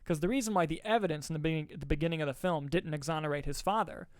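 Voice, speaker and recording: Excitable man swearing through a movie review. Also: a little high, quick pace, no echo, studio quality. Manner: excited, swears often, retells scenes with acted quotes. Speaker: podcast co-host, movie reviewer. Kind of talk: casual movie review chat.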